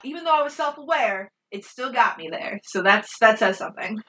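A woman co-hosting a casual film review podcast, animated and swearing freely. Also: a little high, a little fast, far from the mic. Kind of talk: casual chat.

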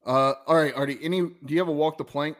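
A man's voice: a little high, quick pace. A man with a Southern American accent, co-hosting a casual sports podcast and telling stories with many restarts. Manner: rambling, many restarts, animated storytelling. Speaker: podcast co-host.

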